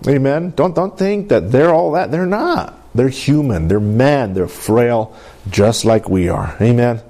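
A man preaching a sermon in an animated call-and-response manner, often asking for an amen and laughing. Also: medium pitch, a little slow. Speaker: pastor.

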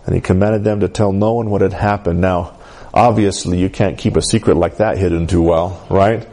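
A man preaching a sermon to a congregation, often asking "Amen?" and lifting his voice for emphasis. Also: normal speed. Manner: animated, rising pitch for emphasis, calls of "Amen?".

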